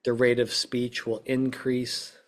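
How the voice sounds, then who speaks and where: A man's voice: mid-range voice, completely flat delivery, slow. A man hosting a podcast, explaining in a casual, conversational way and checking in with the listener as he goes. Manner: conversational, peppers points with "right?" and "okay?"; acts out quoted speech in short bursts. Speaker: podcast host, witness-prep consultant.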